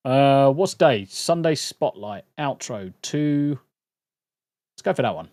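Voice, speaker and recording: A man's voice: lowish voice, slow, pauses often, dry recording, clean studio sound. A British man hosting a livestream, chatting casually to viewers in a rambling, jokey way and swearing freely. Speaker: livestream host.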